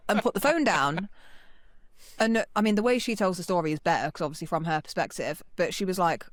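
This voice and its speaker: Animated woman telling a story. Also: on the low side, fast talker. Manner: animated, swears freely, acts out quoted voices. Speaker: podcast co-host. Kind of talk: casual storytelling chat.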